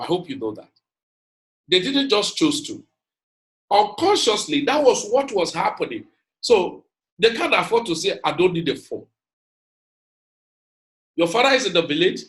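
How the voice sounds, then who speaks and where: A man's voice: high voice, fairly bright tone, rough recording. A man giving an emphatic motivational lecture, repeating his points and calling out to his audience. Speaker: speaker.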